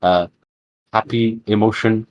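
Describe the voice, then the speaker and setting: A man with a lowish voice chats casually as a podcast co-host. He wanders through his points with plenty of fillers and false starts. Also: steady tone, measured pace, highs cut off. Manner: rambling, full of fillers and restarts. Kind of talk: casual chat.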